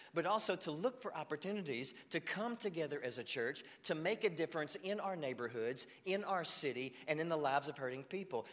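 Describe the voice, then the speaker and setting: Man, pastor, sermon, higher-pitched, emphatic preaching, reverberant sanctuary. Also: fairly bright tone. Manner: storytelling, rising to emphatic peaks, frequent "Amen?". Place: church sanctuary with long reverb. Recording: long hall reverb.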